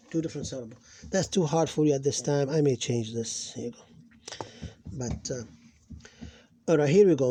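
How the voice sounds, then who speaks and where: A man's voice: medium pitch, moderate pace, dark tone, breathy edge, no echo. A man teaching an Arabic phonics lesson, sounding out syllables one at a time with patient explanations. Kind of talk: slow reading lesson.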